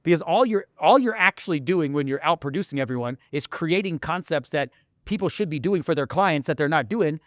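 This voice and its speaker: A man co-hosting a podcast in casual chat, hyped and emphatic, sometimes bursting into shouting. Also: fairly high pitch, expressive, fairly quick, no echo, studio quality. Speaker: podcast co-host.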